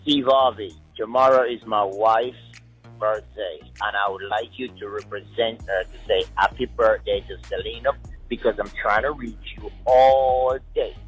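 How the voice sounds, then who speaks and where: A man's voice: on the low side, steady tone, a little slow, slightly rough, faint music behind, low-quality recording. A man leaving a voicemail for a radio show, making a formal, earnest request. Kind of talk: recorded voicemail message.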